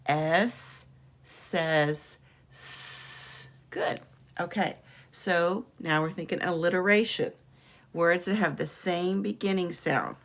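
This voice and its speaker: A woman teacher giving a slow, encouraging phonics lesson to young children, drawing out letter sounds. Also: lowish voice.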